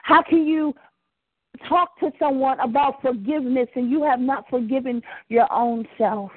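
A woman's voice: high voice, steady tone, moderate pace, breathy edge, no echo. A woman preaching and praying fervently, rising into impassioned pleading. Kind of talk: preached prayer broadcast. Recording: tinny phone line.

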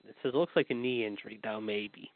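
A man's voice: fairly low pitch, fast, a little hiss or hum. A man co-hosting a wrestling podcast, reading the news in a rambling way and leaning on "however" and "apparently". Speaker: podcast co-host. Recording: dry, phone-like line.

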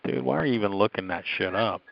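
A man's voice: fairly low pitch, fast talker, creaky, highs cut off, background noise. A man in casual, crude podcast chat, telling rambling anecdotes full of profanity and quoted lines.

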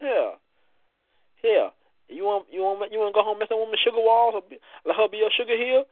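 Male show host, high and animated, brash and preachy, dry phone-quality audio. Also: fairly quick, no echo. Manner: loud, playful, preachy banter with frequent cursing. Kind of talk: casual radio-style chat.

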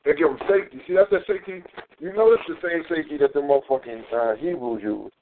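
A man's voice: on the high side, quick pace, slight background noise. A man talking casually on a radio show, rambling and profane, often hunting for his words. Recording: tinny phone line.

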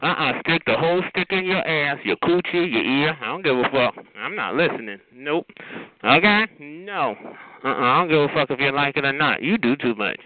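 A man's voice: fairly high pitch, expressive, moderate pace. A man in a sassy, profane comedic rant, scolding listeners and calling them honey and child. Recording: tinny phone-like radio audio.

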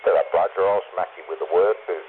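A fairly low-voiced Australian man ribs his mates over a CB radio channel. His voice is squeezed into a thin, phone-like band with a light hiss behind it. He teases and swears freely. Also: fairly even intonation, quick pace. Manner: crude, teasing, swearing. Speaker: CB radio caller. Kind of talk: casual banter over CB radio.

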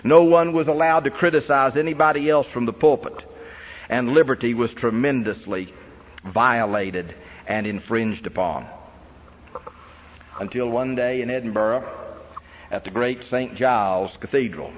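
A man's voice: medium pitch, measured pace. A man preaching an earnest history sermon to a congregation, emphatic and posing rhetorical questions. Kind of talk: sermon lecture on church history. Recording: dull reverberant hall recording with faint noise.

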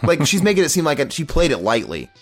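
A man's voice: on the high side, very animated, fast talker, soft background music. A man hosting a podcast, telling a long, profane complaint story in casual chat and mocking the people he quotes. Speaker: podcast host.

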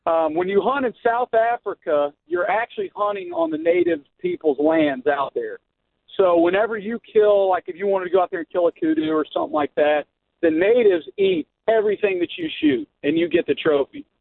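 Caller, late-20s man, chatty and warm, high gravelly voice, phone-line sound. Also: huge pitch swings, fairly quick, no echo. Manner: friendly, chatty, calls the host brother. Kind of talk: casual phone-in chat.

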